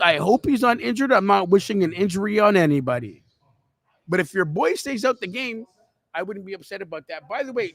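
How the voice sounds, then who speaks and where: High-voiced chatty male podcast host. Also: a bit bright, no echo. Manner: rambling, chatty, addresses listeners as kids. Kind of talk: casual live football commentary. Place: restaurant.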